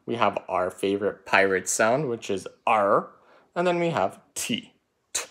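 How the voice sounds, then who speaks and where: A man teaching an online spelling lesson, reading words slowly and spelling them out letter by letter. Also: on the low side. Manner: slow, drawn-out letter-by-letter dictation; lively, up-and-down teacher intonation.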